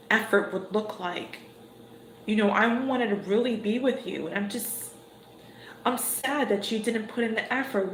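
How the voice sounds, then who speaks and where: A woman gives a livestream tarot reading at an unhurried, drawn-out pace. She talks conversationally and chuckles between cards. Her voice rings in an echoey room, with steady noise in the background. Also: medium pitch. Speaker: tarot reader.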